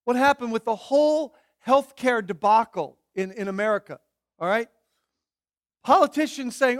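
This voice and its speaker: A man preaches a sermon in a high, bright-sitting voice. He drops to quiet, earnest pleading, then builds to loud, emphatic declarations. The sound is dry and close, with no room echo. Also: lively intonation, moderate pace.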